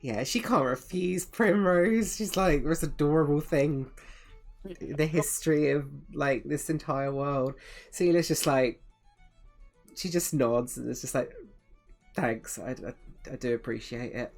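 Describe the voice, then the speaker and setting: A woman's voice: low voice, measured pace, a little mellow, faint music behind. A woman casually describing her character's actions in a tabletop game. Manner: casual, laid-back, many likes. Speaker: player.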